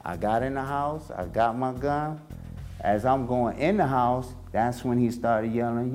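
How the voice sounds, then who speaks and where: A man's voice: measured pace, a little mellow, soft background music. A man recounting his own past in candid spoken storytelling, in casual slang, acting out the voices of other people. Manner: casual street slang, acts out quoted voices with shifts in pitch.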